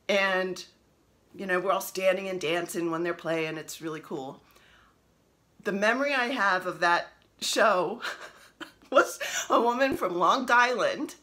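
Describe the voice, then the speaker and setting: A woman's voice: on the low side, bright, forceful tone. A woman, chatting casually at home as she shows her cross-stitch projects, rambling and laughing often. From New Jersey. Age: 50s. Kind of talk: casual show-and-tell chat.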